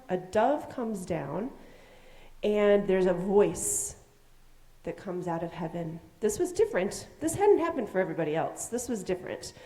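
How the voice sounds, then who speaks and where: Lady doing the kids' message at church, mellow voice, lots of questions, echoey room. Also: medium pitch. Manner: animated, asks questions, acts out voices. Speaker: children's message leader. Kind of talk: children's sermon, storytelling to kids. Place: church sanctuary. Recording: echoey sanctuary.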